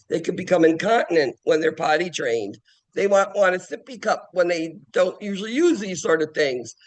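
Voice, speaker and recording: Man, nursing professor, classroom lecture, high voice, animated, acts out kids' games and cries.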